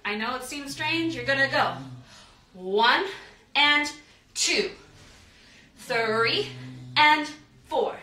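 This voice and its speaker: Drawing out her words and pausing often, a young American woman teaches a live online dance class, counting beats and singing out steps. Her high voice is animated with a sharp tone. The recording comes from a roomy studio with a distant mic.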